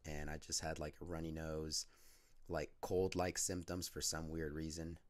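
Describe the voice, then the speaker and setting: A man with a hoarse voice from a cold, talking loosely with many fillers and praying aloud. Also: rumbling low, flat delivery, normal speed. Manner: unscripted, rambling, many fillers. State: lost voice from a cold. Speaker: Christian vlogger. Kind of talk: casual talk and spoken prayer.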